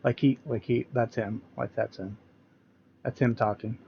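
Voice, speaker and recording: A man's voice: medium pitch, little pitch movement, unhurried, vocal fry, slight background noise. Sarcastic guy ranting at clips on his show, kinda muffled lo-fi sound. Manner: sarcastic, mocking rants. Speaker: commentary show host. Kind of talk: reaction commentary.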